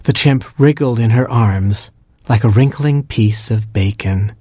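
A man's voice: mid-range voice, a little slow, dark tone, no room sound. A man reading a comic story aloud in a dry, wry storytelling manner.

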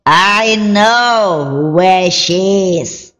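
A storyteller voicing a cackling old witch who speaks slowly and knowingly. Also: medium pitch, a bit bright, big-room sound. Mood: sly.

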